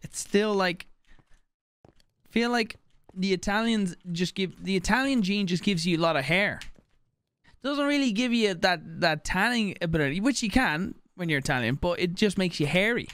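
A man's voice: sits high, lively intonation, moderate pace, a bit bright, clean tone. A young man streaming a game, chatting casually and crudely, swearing and joking as he reads chat aloud. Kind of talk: casual live-stream commentary.

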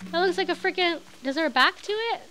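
A young woman chats sarcastically while she plays, with a bright, sharp edge to her voice. She swings from loud outbursts down to low muttered asides. Soft game music plays behind her. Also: expressive, fast. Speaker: streamer. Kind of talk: casual game stream chatter.

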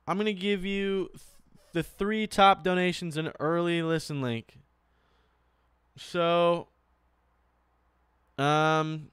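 A young man, a singer, chatting casually with viewers at the end of his live stream in a relaxed, thankful way. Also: on the high side, clear, resonant tone, dry recording.

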